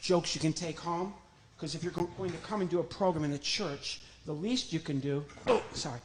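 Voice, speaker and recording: A man's voice: on the high side, fairly quick, slight background noise. A ventriloquist comedian from Illinois, a man doing a chatty, joking live act on a church stage and talking to his puppet.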